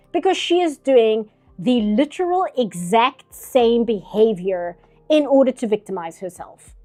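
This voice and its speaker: A woman's voice: fairly high pitch, darkish tone. A woman streaming her art, ranting in casual, opinionated chat.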